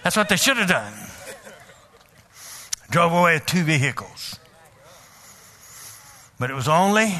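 A male preacher telling a personal story during a sermon. He is animated and often repeats words, and he breaks into loud pleading. His voice is high and very bright. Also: measured pace, pauses often.

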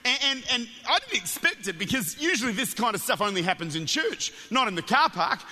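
Bright, high-voiced Australian preacher. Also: male voice, fairly quick, in a large hall. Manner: animated storytelling with jokes, stumbles and repeats words. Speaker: guest preacher. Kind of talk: Pentecostal sermon.

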